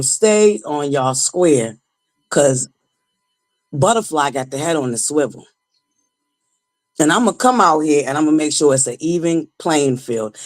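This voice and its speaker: A woman's voice: low-pitched, low-quality recording. A woman hosting a casual live stream, talking emphatically to her viewers. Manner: emphatic, preachy, talks straight to the chat. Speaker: host.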